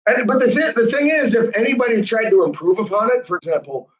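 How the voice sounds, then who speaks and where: Brief: high-pitched male host, chatty and animated, roomy lo-fi sound. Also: quick pace. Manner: chatty, animated, laughs often. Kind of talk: casual chat.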